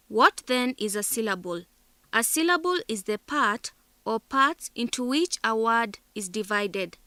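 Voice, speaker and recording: A woman reads a scripted lesson at an unhurried pace, her voice bright and a little higher than most. She carefully spells out syllables and example words, and the recording is dry and close. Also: smooth, dry recording. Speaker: teacher narrator.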